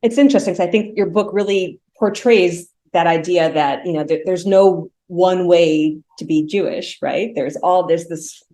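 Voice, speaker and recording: A woman's voice: on the low side, moderate pace, few pauses, mellow. A woman interviewing an author, asking questions and praising his book in a conversational way.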